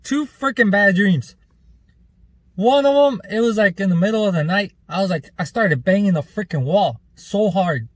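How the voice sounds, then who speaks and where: A man's voice: sits high, animated, moderate pace, no room sound. A man vlogger telling a rambling, loose story in casual chat, with plenty of fillers and some swearing.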